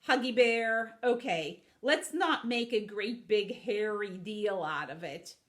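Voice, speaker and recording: A woman voicing a grumpy male snake, an old grouch, gruff and dismissive. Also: mid-range voice, takes it slowly, natural voice.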